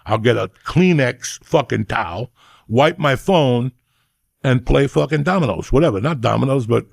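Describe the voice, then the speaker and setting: Gravelly-voiced New man ranting. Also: medium pitch, expressive, moderate pace, no echo, studio quality. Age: middle-aged. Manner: profane, rambling storytelling. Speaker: podcast host. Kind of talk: crude comedic rant.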